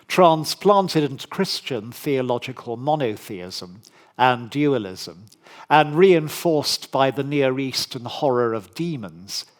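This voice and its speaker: A man giving a formal public history lecture in a measured, deliberate way, with dry asides. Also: mid-range voice.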